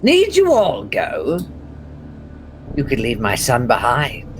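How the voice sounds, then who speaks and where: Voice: medium pitch, wildly swooping pitch, takes it slowly, slight background noise, full character voice. A game master voicing Baba Yaga, a gigantic rotting old witch who teases and cackles slyly. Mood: mocking. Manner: cackles, teasing and sly.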